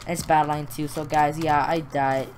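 A woman giving rambling, excitable commentary on her gameplay from a room at home, talking straight to viewers and clearing her hoarse, fading voice. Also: sits low, normal speed. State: losing voice, clearing throat. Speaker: gaming video host. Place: home room, brother nearby. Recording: noisy home recording.

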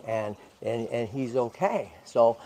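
A man's voice: mid-range voice, animated, slow pace, noisy background. A man hosting a casual livestream who chats and keeps checking in with "right?" and "okay?", cooing to a baby squirrel as he handles it. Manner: coos softly to the animal. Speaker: channel host and tortoise rescuer.

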